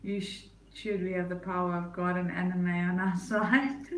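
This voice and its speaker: Delivering flatly at normal speed with hardly any pauses, a woman with a fairly low voice and non-American accent chats on her livestream. She reads chat, teases viewers playfully and laughs often while nursing a headache, all on poor, echoey audio.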